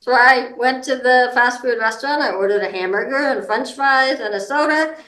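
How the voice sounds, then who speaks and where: A woman speaking as a guest advocate, giving practical advice in an informal, halting way with many ums and restarts. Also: a little high, bright, forceful tone. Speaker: guest, hard of hearing and seniors advocate. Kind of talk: explanatory advice talk. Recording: roomy echo.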